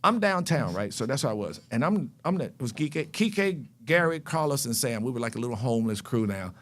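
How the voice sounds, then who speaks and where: A man from North Carolina, a podcast guest telling a life story in an animated way and acting out scenes. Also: medium pitch, brisk. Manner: animated, acts out scenes and voices. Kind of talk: storytelling chat.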